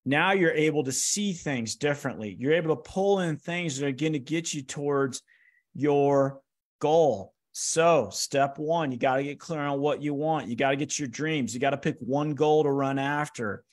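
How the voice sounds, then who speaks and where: A man telling stories in a lively motivational talk, acting out the lines of the people in them. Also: a little high, moderate pace. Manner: energetic, acts out quoted dialogue. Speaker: speaker giving a finance workshop. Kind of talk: animated motivational storytelling.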